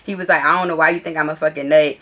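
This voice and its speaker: A woman vlogger tells a story in a casual, blunt, profane and exasperated way, reading text messages aloud as she scrolls through them. Her voice sits low and is fairly bright, with a steady tone and rapid-fire delivery.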